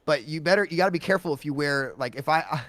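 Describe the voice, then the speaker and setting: A man's voice: a little high, fast talker. A young American man co-hosting a casual podcast on a voice call, telling stories full of "like" and restarts. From United States. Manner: animated storyteller, lots of fillers. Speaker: podcast co-host. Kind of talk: casual chat.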